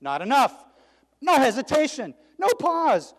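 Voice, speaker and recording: A keynote speaker, a man, tells his story with great drama, acting out the dialogue and bursting into shouted cheers. His voice sits high for a man. It rings with the long reverb of a big hall. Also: huge pitch swings, unhurried. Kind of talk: animated storytelling speech.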